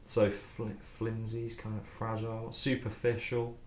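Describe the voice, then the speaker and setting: A man's voice: lowish voice, completely flat delivery, measured pace, darkish tone, roomy sound. A young man who writes songs, chatting loosely during a stream, rambling and swearing with frequent laughs. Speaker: songwriter streaming his writing process. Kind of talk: casual livestream chat.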